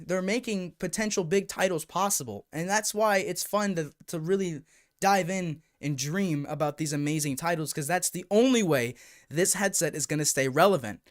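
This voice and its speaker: Excitable young guy streaming, talks fast to chat, kinda high pitched. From United States. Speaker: YouTube VR streamer. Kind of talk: casual live-stream chat.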